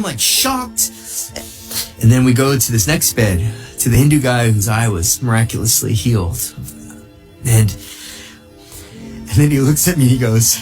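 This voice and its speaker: A man, a missionary, telling a testimony in an animated storytelling way, leaping high in pitch when he acts out what people said. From United States. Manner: excitable, jumps high when quoting people, laughs through the telling.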